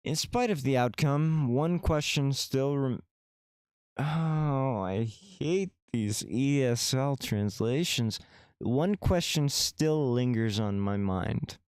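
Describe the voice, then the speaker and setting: A man's voice: mid-range voice, slow, a little mellow, clear, resonant tone, no room sound, clean studio sound. A man streaming a visual novel, reading the game text aloud with casual, wry asides to his chat.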